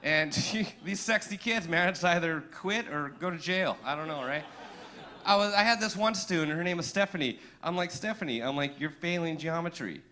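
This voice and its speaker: A man's voice: sits high, moderate pace, pushed and bright. A young man performing a crude stand-up comedy set, telling brash stories with acted-out dialogue on a comedy club stage.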